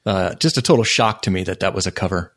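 A man co-hosting a podcast, sharing music trivia in a relaxed, unhurried way with a few fillers. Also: sits low. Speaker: podcast co-host.

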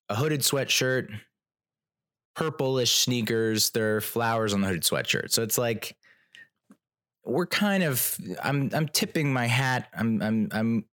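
A man with a fairly low voice tells a story on his own show, loose and animated. He rambles, mocks himself and keeps restarting his sentences. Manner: rambling, animated, self-mocking, with many restarts. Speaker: podcast host. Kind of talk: casual storytelling monologue.

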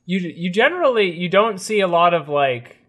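Male co-host, bright and slightly high voice, dry conspiratorial humor. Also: lively intonation, moderate pace. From greater Boston area. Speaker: podcast co-host. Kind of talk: casual comedic chat.

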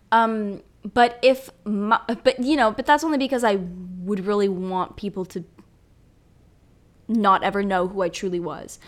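A young woman hosting a solo podcast, ranting in a profane, animated, rambling way. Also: mid-range voice. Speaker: podcast host.

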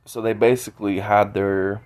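A man talking alone into his podcast, stuffy from a cold, halting and often repeating words. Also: fairly low pitch, flat delivery, a little mellow. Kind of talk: solo monologue.

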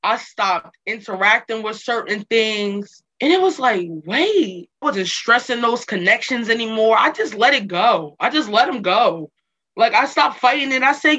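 A woman speaks in an earnest, emphatic way, often repeating a phrase to press it home. Her voice is bright and sits a little high. She sounds like an interview guest sharing hard-won advice. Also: lively intonation, measured pace, highs cut off. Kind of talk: casual motivational talk.

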